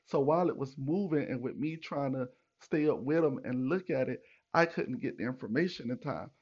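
A man hosting a podcast, telling a story in a casual, animated and profane way, acting out what people said. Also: medium pitch, normal speed, lo-fi sound. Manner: animated, profane, retells with acted quotes. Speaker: podcast host.

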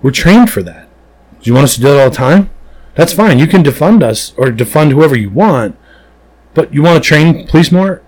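A man's voice: on the high side, moderate pace, low-quality recording. A man who works as a police officer, chatting casually on a podcast in an emphatic, blunt way. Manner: animated storyteller, emphatic and blunt.

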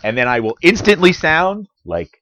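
Animated rambling man recapping a comic. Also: fairly high pitch, normal speed, noisy background. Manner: rambling, animated storytelling with fillers. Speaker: podcast co-host. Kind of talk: casual chat recapping a comic. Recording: dull lo-fi recording.

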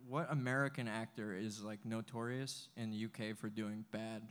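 A man in casual podcast chat, halting and searching for his words. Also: fairly low pitch, fairly even intonation.

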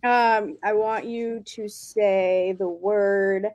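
A woman's voice: mid-range voice, fairly even intonation, extremely slow, darkish tone, dry recording, highs cut off. A woman guest in a casual live-stream chat, giggly and open about her nerves. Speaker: guest performer.

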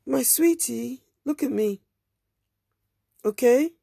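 A woman voicing a calm adult female rescuer who speaks softly and pleadingly, half in a whisper. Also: fairly high pitch, slow, creaky, husky, no room sound, clean studio sound, pitched above the performer's own voice, full character voice. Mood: gently coaxing.

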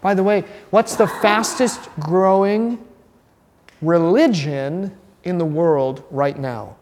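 A man, a pastor, teaching a catechism class in a lively, chatty way and asking the group questions. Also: high-pitched, slow pace, in a large hall.

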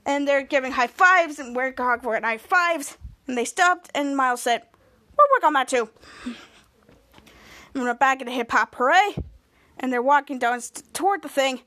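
A woman hosting a podcast, her voice sitting high, talks at a moderate pace with long pauses. Casually retelling a TV episode, she acts out the characters' lines with lively voices.

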